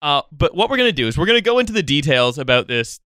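Sarky podcast dude, bright lively voice, higher pitched, dry close sound. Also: male voice, quick pace, no room sound. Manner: sarcastic, riffing, sweary. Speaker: podcast co-host. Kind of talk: casual comedic chat.

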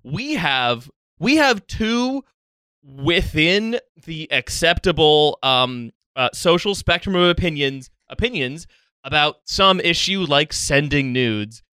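A man's voice: on the high side, lively intonation, slow pace, pushed and bright, smooth, no echo, studio quality. A man co-hosting a comedy podcast, riffing sarcastically and swearing in casual chat. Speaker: podcast co-host.

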